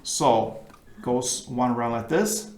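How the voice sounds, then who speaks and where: A man's voice: medium pitch, takes it slowly, echoey room. A man teaching an acoustic guitar lesson, walking patiently through chords step by step.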